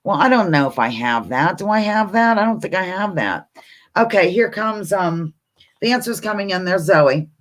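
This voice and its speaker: Woman, home live-stream quiz host, lively up-and-down delivery, chatty with viewers. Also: on the low side, moderate pace. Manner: chatty, reads viewer comments aloud, talks to her dog between questions. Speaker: livestream host. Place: home, indoors.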